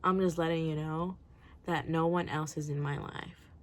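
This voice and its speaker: A woman rants through a book review in a loose, rambling video-diary style. Her voice sits a little low for a woman, and she swears freely and keeps breaking into laughter as her thoughts run on. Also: fairly even intonation, moderate pace.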